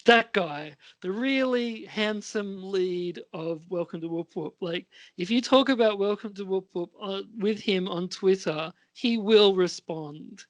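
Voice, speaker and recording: A male podcast co-host speaks slowly in a loose, rambling film chat. He hesitates often, drifting between "um" and "like" as he builds his point. The sound is dry and close, with no room around it. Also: high-pitched, no room sound. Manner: rambling, hesitant, many fillers and restarts.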